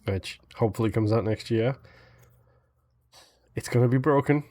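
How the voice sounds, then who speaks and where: A man's voice: mid-range voice, normal speed, mellow, no room sound. A man co-hosting a casual gaming podcast, joking dryly and trailing off. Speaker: podcast co-host.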